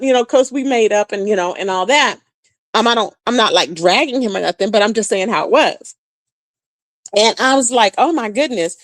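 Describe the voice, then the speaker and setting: Chatty woman streamer, higher voice, dry sound. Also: no echo. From Texas. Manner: chatty and animated, addresses viewers as "child" and "boo", frequent laughter. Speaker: livestream host chatting with viewers. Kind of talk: casual livestream gossip chat.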